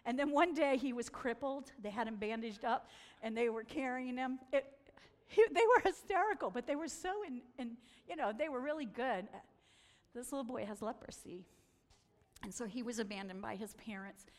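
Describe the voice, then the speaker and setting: A woman telling stories from a slideshow talk, animated and acting out the voices she quotes. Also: on the high side, normal speed, in a large hall. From United States. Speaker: speaker presenting photos.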